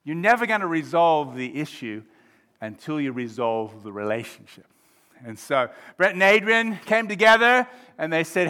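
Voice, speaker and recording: A man in his fifties preaching a sermon as pastor, shifting from quiet reflection to loud, emphatic exclamations. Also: mid-range voice, expressive, moderate pace.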